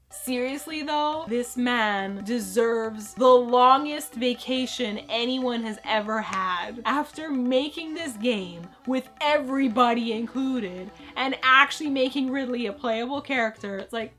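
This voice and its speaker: A woman chatting excitedly about video games in a casual vlog, jumping between jokes and hype. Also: on the high side, moderate pace, hardly any pauses, soft background music. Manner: excitable, animated, jokey. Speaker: gaming vlogger.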